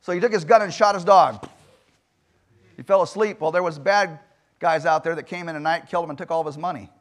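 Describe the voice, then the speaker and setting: Male pastor, high voice, emphatic sermon in a church, swings loud and soft. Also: fairly quick. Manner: emphatic preaching with rhetorical questions and sudden loud swings. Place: church sanctuary.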